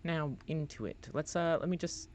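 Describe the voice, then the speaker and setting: A man's voice: on the high side, moderate pace, a little mellow, slight background noise. A man streaming a role-playing game, rambling loosely through his commentary, swearing casually and reading the on-screen text aloud.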